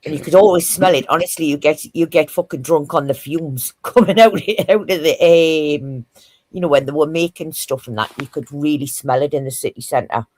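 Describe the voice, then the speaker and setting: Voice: medium pitch, normal speed, darkish tone, dry recording. A panel guest on a live stream who teases the host and swears casually while chatting. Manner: blunt, swears casually, teasing. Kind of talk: casual chat.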